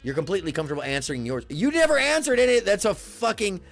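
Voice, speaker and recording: A man's voice: high voice, big pitch swings, quick pace, fairly bright tone, faint music behind. Profane, indignant man ranting on stream. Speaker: livestream host. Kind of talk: heated livestream rant at chat.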